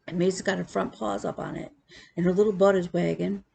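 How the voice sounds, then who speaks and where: Gravelly-voiced chatty woman vlogger. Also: fairly low pitch, a little fast, slight background noise. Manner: chatty, animated storytelling with laughs. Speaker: cross-stitch vlogger. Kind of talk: casual chat.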